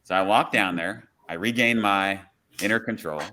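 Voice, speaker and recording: A man who is a police officer, telling a work story on a podcast in a relaxed, conversational way. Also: lowish voice, moderate pace.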